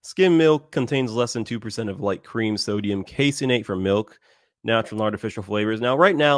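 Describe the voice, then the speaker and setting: A man with a fairly low voice trades blunt, teasing banter on a podcast. He reads lists aloud in a flat matter-of-fact way and pushes back on his co-host. The sound is dry and close to the mic. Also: dry recording.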